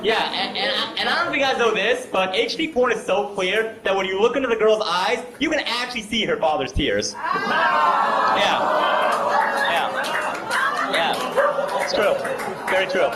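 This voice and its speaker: A man with a high-pitched, sing-song voice does self-deprecating stand-up at a comedy club, bantering with the live audience. He speaks a little slowly and takes long pauses. The echoey club recording has heavy background noise from a noisy crowd and its laughter.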